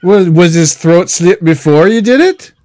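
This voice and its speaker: A man's voice: high voice, animated, a little slow, dark tone. A man playing a tabletop game, trading dry, sardonic quips. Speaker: player.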